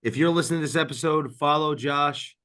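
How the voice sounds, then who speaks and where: A man hosting a podcast in casual chat, talking in an energetic, rambling, jokey way. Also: fairly high pitch, a little fast. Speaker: podcast host.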